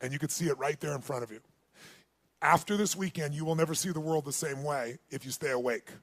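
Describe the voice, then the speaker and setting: A man speaking at a live seminar, telling an animated story and calling questions out to the audience. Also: fairly high pitch, fast talker.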